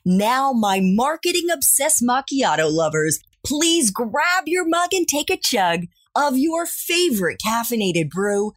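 A woman's voice: on the high side, no echo, studio quality. A woman hosting a podcast, reading an upbeat scripted intro full of playful coffee puns. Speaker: podcast host.

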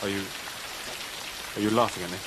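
An actor playing a proud young gentleman making a formal, earnest proposal in a period film drama. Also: lowish voice, fairly even intonation, brisk, very noisy, lightly acted. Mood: anguished. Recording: film clip with loud rain.

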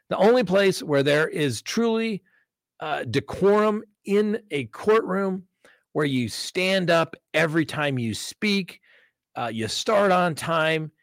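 A man's voice: on the high side, fairly bright tone, no echo, clean studio sound. A middle-aged man, a defense attorney, telling courtroom stories in casual chat and acting out both sides of each exchange. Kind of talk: casual chat answering viewer questions.

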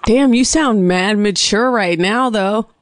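A woman hosting a comedy call-in podcast, teasing her callers with crude, deadpan jokes. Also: mid-range voice, slow pace, dry recording, studio quality. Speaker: podcast host. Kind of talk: casual comedic phone-in chat.

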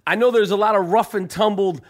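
A man's voice: high-pitched, steady tone, fairly quick. A man with a New York accent hosting a podcast in casual, rambling chat, often stammering and restarting, with plenty of profanity. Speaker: podcast host.

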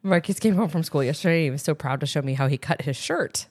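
Low-voiced woman podcast co-host. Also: quick pace, no room sound, studio quality. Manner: animated storyteller acting out family moments. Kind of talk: casual chat.

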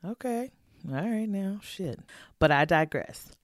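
A woman's voice: medium pitch, lively intonation, takes it slowly, no echo, clean studio sound. A woman in her forties hosting a podcast, giving frank, slangy, playful advice to listener letters and laughing often. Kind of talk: casual advice chat.

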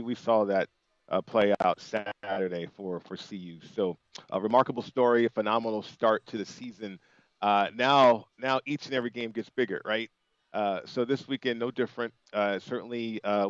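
A man's voice: fairly low pitch, no echo, lo-fi sound. A man appearing as a guest football analyst on a radio show, talking enthusiastically with many fillers. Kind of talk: casual radio interview.

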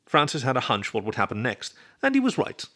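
A man reading a story aloud as narrator in a steady storybook manner. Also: mid-range voice, fairly quick. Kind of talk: scripted narration.

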